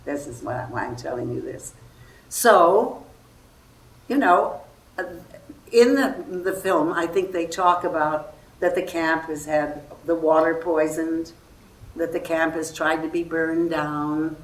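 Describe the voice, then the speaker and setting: A low-voiced older woman tells stories before an audience, acting out everyone she quotes. She is picked up from far off in a roomy hall with a faint hiss behind her. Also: slow pace. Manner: animated storytelling, acts out quoted voices. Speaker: guest actress. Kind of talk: anecdotal festival talk.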